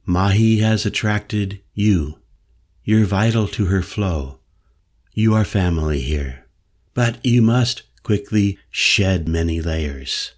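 A man reading an audiobook voices an old male mystic elder with a low, penetrating voice who lectures solemnly and insistently. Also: full character voice. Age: older. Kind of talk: audiobook character voice.

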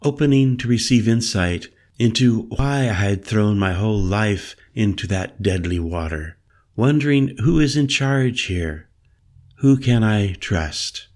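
Man voicing a soft, playful woman shaman. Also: on the low side, measured pace, natural voice. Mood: musing. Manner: soft, playful, a little mystical. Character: mysterious, teasing woman shaman.

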